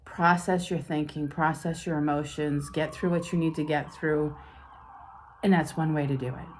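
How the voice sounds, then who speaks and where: A woman's voice: deep voice, steady tone, moderate pace, a little hiss or hum. A middle-aged woman, a spiritual life coach, talking candidly and confidingly through her own feelings. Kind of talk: personal talk to camera.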